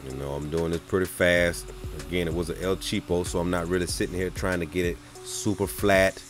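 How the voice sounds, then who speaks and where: A man's voice: deep voice, fairly even intonation, brisk, soft background music. A man talking casually as an auto body painter, laid-back, with many "um" and "man". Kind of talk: casual voice-over of a paint job.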